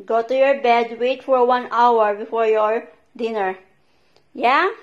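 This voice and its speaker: High slow-talking woman coaxing her dogs. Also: highs cut off. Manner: slow commands, coaxing and scolding; high excited pet-talk when urging. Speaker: vlogger and dog owner.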